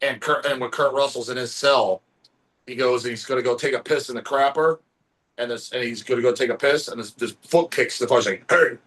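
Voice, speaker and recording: A man co-hosting a podcast chats casually, telling rambling, profane stories and acting out what people said. His medium-pitched voice is steady, brisk, and a bit bright.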